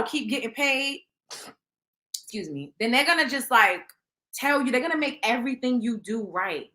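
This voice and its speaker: Woman gossip host, blunt and profane, bright voice, echoey room. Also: on the high side. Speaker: show host. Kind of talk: casual celebrity gossip commentary.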